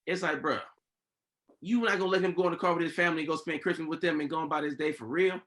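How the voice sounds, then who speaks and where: A man hosting a podcast in casual chat, telling a story with lively, acted-out quotes from the people in it. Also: a little high, rapid-fire. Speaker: podcast host.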